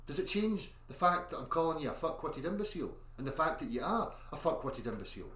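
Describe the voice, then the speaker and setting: Man doing a calm, mock-polite expert. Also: on the high side, echoey room. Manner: soft, slow, emotionless, mock-polite.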